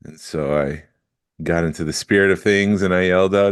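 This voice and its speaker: A man's voice: sits low, fairly even intonation, normal speed, smooth, no room sound, studio quality. A man co-hosting a podcast, telling rambling stories in casual chat. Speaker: podcast co-host.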